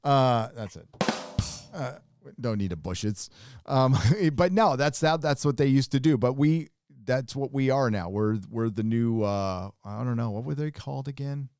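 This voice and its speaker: A man's voice: medium pitch, animated, unhurried, a little mellow, clean tone, no room sound, clean studio sound, soft background music. Profane rambling male podcast host. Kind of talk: casual livestream chat.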